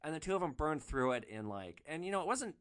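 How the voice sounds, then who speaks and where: A man hosting a storytelling podcast, animated and excitable, swearing casually as he recounts his stories. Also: fairly high pitch, quick pace, smooth. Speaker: podcast host, rideshare driver.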